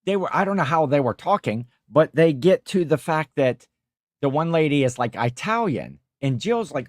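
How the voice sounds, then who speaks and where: A man's voice: fairly high pitch, very animated, normal speed, no echo, studio quality. A man hosting a casual livestream chat, rambling through stories and reading out viewer comments. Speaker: livestream host.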